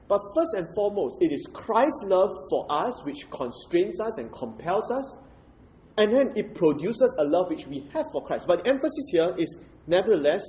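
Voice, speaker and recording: A man preaching an expository sermon in a measured, explanatory way, posing rhetorical questions to the congregation. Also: sits high, warm tone, rough recording.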